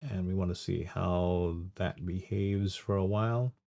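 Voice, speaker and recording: A man with a low voice talks through his trades live as the stream's host. His voice has a gravelly fry, and he thinks aloud in a halting way, restarting and trailing off. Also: steady tone, dark tone, lo-fi sound. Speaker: trading livestream host. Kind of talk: live trading commentary.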